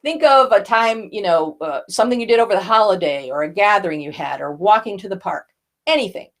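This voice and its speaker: A woman's voice: medium pitch, lively intonation, a little fast. An older woman, a voice coach, teaching a lesson and demonstrating vocal effects as she explains.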